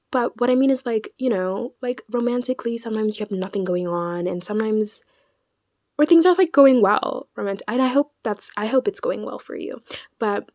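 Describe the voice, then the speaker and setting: Young woman vlogger, mid-pitched, casual chat; theatrical, stammers and restarts, dry close sound. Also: dry recording. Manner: animated and dramatic, with stammered restarts.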